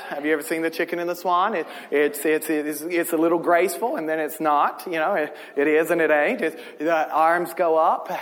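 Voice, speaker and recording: A man preaching a sermon in a lively, humorous way, full of rhetorical questions. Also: high-pitched, big-room sound.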